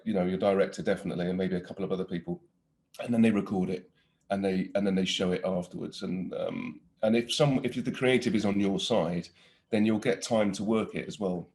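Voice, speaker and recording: Man, forties, low-pitched, casual interview guest, animated storyteller, laughs often, lots of restarts. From Britain.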